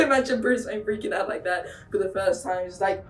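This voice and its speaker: A woman playing a VR game who chats to herself in an excitable way, with many exclamations, recorded from a distance in an echoey room. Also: mid-range voice, fairly quick, hardly any pauses, music in the background. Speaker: gamer streamer.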